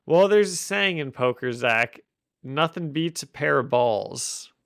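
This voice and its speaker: A man's voice: on the high side, animated, unhurried, creaky, a bit bright, clean tone, no room sound, studio quality. A man hosting a podcast, casually recapping a comic with jokes and frequent laughs. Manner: jokey, laughs often while recapping. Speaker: podcast host. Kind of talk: casual chat.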